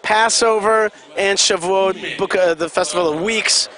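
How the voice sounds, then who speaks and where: A man's voice: sits high, measured pace, sharp tone. A man giving chatty live commentary at an event, explaining things and putting questions to the audience.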